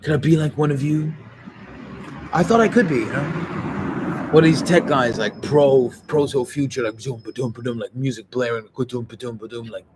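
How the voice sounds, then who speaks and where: A man's voice: medium pitch, noisy background. Rambling, swearing man in casual talk. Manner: rambling, swearing, quoting others in quick voices.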